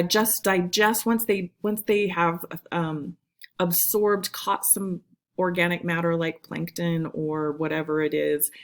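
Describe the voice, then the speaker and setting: A young woman gives a recorded biology lecture in a casual, upbeat voice. She chats with her students, tosses in quick asides, and her pitch sits slightly low. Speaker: biology teacher.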